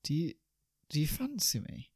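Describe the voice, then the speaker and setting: A man's voice: huge pitch swings, normal speed, husky, no echo, clean studio sound, heavily acted. A man voicing a tipsy, blunt young male actor who is fed up, speaking in incredulous, exasperated tones. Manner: blunt, incredulous, rising to high exasperated yells.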